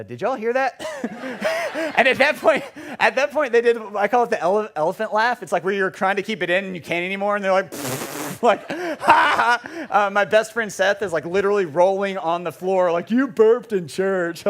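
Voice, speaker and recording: A man's voice: sits high, fairly bright tone. A young man giving a storytelling sermon in a church, self-deprecating and rambling with many fillers. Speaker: preacher. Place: church sanctuary.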